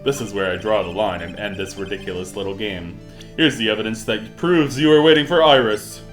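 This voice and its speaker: A man's voice: fairly low pitch, over music, lightly acted. A man doing a haughty, icy prosecutor. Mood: dismissive. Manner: measured, cool and condescending. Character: cold haughty male prosecutor, composed and cutting.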